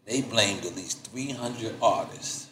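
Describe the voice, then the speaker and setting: Animated male interviewer in an echoey room. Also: fairly low pitch, slow pace, background noise. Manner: animated, emphatic, repeats himself. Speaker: interviewer host. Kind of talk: casual interview talk.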